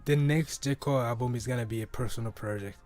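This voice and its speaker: A man from Africa chats loosely through a solo podcast in a middle-range voice. He rambles and swears, trips over his words and starts sentences again. Soft music sits faintly underneath. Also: mid-range voice, quick pace. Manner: rambling and profane, with frequent stumbles and restarts. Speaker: podcast host. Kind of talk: casual solo podcast chat.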